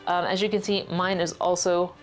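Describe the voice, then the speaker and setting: Playful, lower-pitched woman plant vlogger. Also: level tone, moderate pace. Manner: playful and chatty, with jokey asides. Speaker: houseplant vlogger. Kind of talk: casual informative vlog narration.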